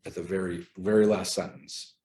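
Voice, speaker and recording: Low-voiced man leading a book study. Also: normal speed. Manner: relaxed, conversational, uses filler ums. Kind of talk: casual group discussion. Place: home. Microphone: video call.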